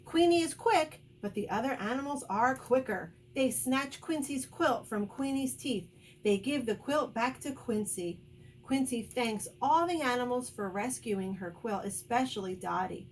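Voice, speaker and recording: A woman teacher reads a picture book to young children, taking her time over each word in a clear, encouraging way. Her voice sits a little high and is heard from a step back, with a faint hiss in the room. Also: measured pace, far from the mic.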